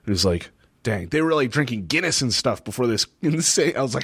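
Brisk and husky, a young man's mid-range voice comes through a dry recording as he co-hosts a podcast. Based in a northeastern US city, he spins stories in easygoing conversation, laughing frequently and acting out quotes.

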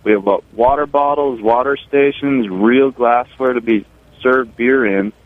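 A man's voice: medium pitch, measured pace, no room sound. Enthusiastic brewery owner, male, calling in, tinny phone line, dry sound, rambling with fillers. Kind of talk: casual phone interview. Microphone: telephone.

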